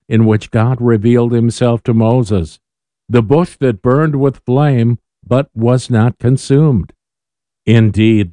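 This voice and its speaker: A man reads a devotional meditation in a calm, measured way. His voice sits a little low and sounds mellow and smooth. The recording is dry and close. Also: no echo. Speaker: host of a daily devotional podcast. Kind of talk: scripted devotional reading.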